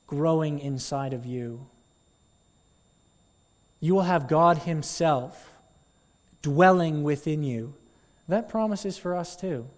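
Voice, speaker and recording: A man pastor giving a sermon, telling a story with animated delivery and acting out crowd voices. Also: on the high side, long reverb tail. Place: church.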